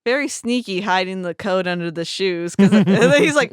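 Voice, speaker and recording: A woman's voice: medium pitch, moderate pace, clear, resonant tone, no room sound, studio quality. A young woman co-hosting a podcast, casually and animatedly retelling a video game scene. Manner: animated storyteller, acts out scenes with voices. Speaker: podcast co-host.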